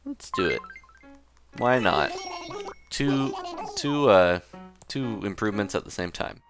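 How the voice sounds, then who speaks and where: A man hosting a casual let's play video, chatty and quick to get excited, laughing at what he finds. His voice sits fairly low, with video game music playing clearly underneath. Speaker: gaming video host.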